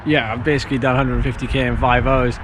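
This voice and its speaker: A man's voice: medium pitch, level tone, fast, background noise. A man chatting casually to a handheld camera outdoors during a long bike ride, rambling with plenty of fillers. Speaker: cyclist vlogger.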